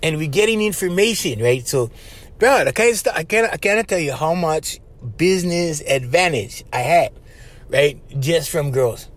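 A man with a Hawaiian Pidgin English accent, hosting a podcast and telling stories in a loose, animated way that is full of laughs. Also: fairly high pitch, normal speed. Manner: animated, laughing often, acts out voices, says "right?" after phrases. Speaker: podcast host. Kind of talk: casual storytelling monologue.

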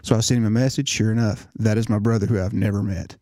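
A man's voice: fairly low pitch, fairly even intonation, quick pace, dark tone, no room sound, studio quality. A middle-aged man giving an earnest personal testimony, often restarting his words. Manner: earnest storytelling with repeated restarts. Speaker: nurse practitioner telling his story.

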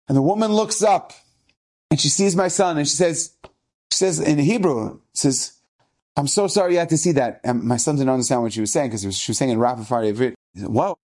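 A man's voice: mid-range voice, brisk, darkish tone. A middle-aged man, a rabbi, telling an inspirational story in an earnest, emphatic way, often repeating his phrases.

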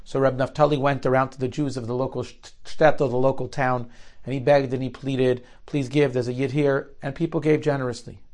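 Animated male storyteller. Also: a little fast. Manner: lively, shifts pitch and volume for quoted characters; uses Yiddish and Hebrew terms. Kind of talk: spoken storytelling.

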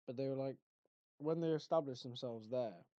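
A young man co-hosting a casual chat, telling stories animatedly and swinging between loud bursts and mumbled asides. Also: medium pitch, moderate pace, no room sound, lo-fi sound.

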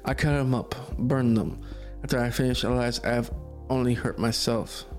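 A man voicing a haunted older man cursed by dolls, with a put-on Russian accent and slow, halting, broken English. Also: mid-range voice, steady tone, soft background music, close to an everyday voice. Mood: weary.

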